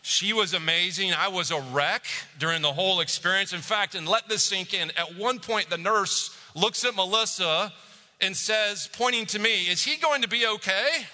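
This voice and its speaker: A male pastor delivers a sermon with a bright, forceful tone and a fairly high voice. He tells stories with animation and sinks to a quiet hush for the reflective parts. His voice rings with the long reverb of a big hall. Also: moderate pace. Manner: animated storyteller, drops to a hush for reflective moments.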